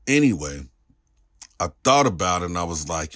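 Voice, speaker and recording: Low-voiced laid-back man hosting a cooking vlog. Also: sing-song, normal speed, long pauses, fairly bright tone, dry recording. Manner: laid-back and chatty, with frequent "you know what I'm saying" asides. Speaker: cooking show host. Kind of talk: casual food review vlog. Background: music playing.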